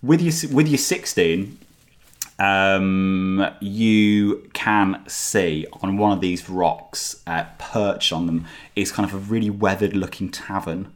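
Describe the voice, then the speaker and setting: Male game master, deep voice, casual rambling scene narration. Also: slow pace. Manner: rambling, filler-heavy description.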